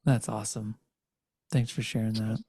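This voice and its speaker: A man's voice: lowish voice, level tone, normal speed, warm tone, dry recording, clean studio sound. A man hosting a faith podcast, affirming and reflecting on his guest's story in casual chat. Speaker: host.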